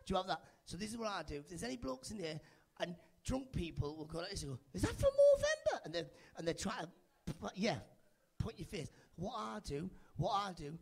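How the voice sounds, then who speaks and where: A man's voice: high-pitched, expressive, brisk, vocal fry, breathy edge. A man doing live stand-up on a club stage, teasing the crowd in chatty, playful banter into a handheld mic. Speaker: stand-up comedian.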